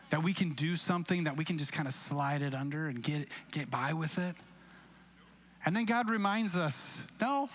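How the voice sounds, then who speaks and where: A young male pastor delivers a sermon live in a church with a fairly high voice. He talks in a relaxed, conversational way, slipping into quoted voices as he tells stories from his own life. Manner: conversational storytelling with acted-out quotes. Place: church sanctuary, recorded live.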